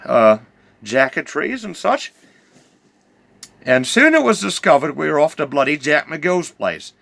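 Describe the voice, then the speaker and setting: A man's voice: fairly high pitch, vocal fry, a bit bright, no room sound. A middle-aged man telling a rambling comic yarn, stammering and full of hesitations. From New Zealand. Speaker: storyteller.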